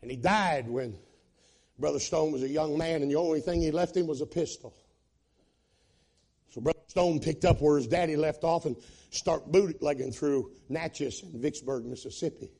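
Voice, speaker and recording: A man's voice: a little high, moderate pace, dark tone. A man preaching a sermon, telling a story in an impassioned, folksy way.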